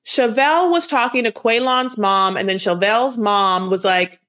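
A woman's voice: mid-range voice, moderate pace, a bit bright. A woman co-hosting a podcast, recapping a reality show in loose, rambling casual chat. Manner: loose, rambling, many restarts and fillers. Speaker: podcast co-host.

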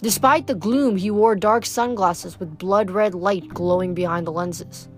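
A woman's voice: medium pitch, unhurried, soft background music. Woman steadily reading a novel aloud. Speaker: audiobook reader.

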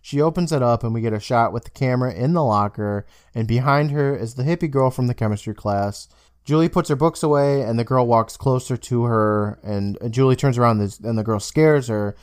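A young man talks fairly quickly in a clean, mid-range voice while co-hosting a podcast. He recaps a TV episode casually and tells it vividly, performing the characters' lines. The recording is dry and studio quality.

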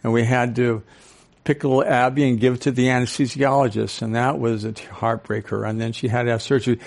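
Older male speaker, sixties, animated, audience questions, storytelling. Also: mid-range voice, fairly quick, gravelly. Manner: storytelling with acted-out quotes. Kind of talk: talk to a live audience.

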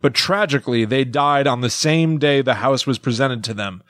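A man's voice: mid-range voice, moderate pace, fairly bright tone, dry recording, clean studio sound. A man co-hosting a casual podcast, joking around and reading listener comments aloud with mocking asides. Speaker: podcast co-host.

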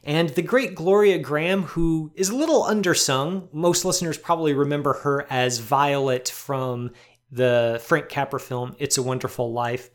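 Thoughtful man co-hosting a film podcast. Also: mid-range voice. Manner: thoughtful, halting, with fillers and laughs. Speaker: podcast co-host. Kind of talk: casual film discussion.

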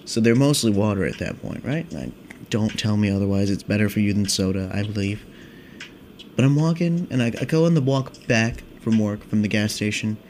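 Young man, low voice, rambling, swearing, casual podcast monologue, faint background hiss. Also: brisk. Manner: rambling, swearing, animated stoner talk. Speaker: podcast host.

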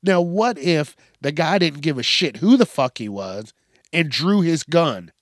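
A man's voice: fairly high pitch, lively intonation, measured pace, no echo, clean studio sound. A male host giving comedic news commentary, profane and mocking, laughing often.

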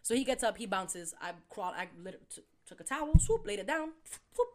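A young adult woman co-hosting a podcast, telling a story in casual chat, animated and profane, acting out quotes loudly. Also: mid-range voice, fairly quick, slight background noise. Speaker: podcast co-host.

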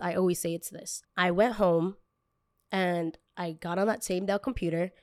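A woman's voice: fairly low pitch, darkish tone, no echo, clean studio sound. Candid young woman telling a painful story. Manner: emotional, candid, lots of "like" fillers. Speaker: content creator. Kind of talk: personal storytelling.

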